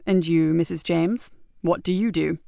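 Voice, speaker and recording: Woman doing a low, calm male detective. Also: unhurried, gravelly, dry recording, clean studio sound. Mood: measured.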